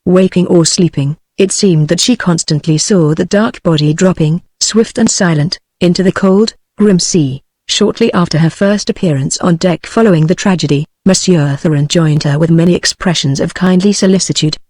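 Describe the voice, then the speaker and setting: A text-to-speech woman's voice with a British accent, reading a novel aloud in a steady, even way. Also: fairly low pitch, normal speed, few pauses, no echo. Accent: British English. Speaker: audiobook narrator.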